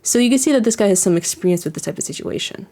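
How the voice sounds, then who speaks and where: An animated woman with a warm, medium-pitched voice races through casual commentary on an anime episode. It's a rambling reaction, thick with "like" and restarts, and she chuckles while describing the scenes.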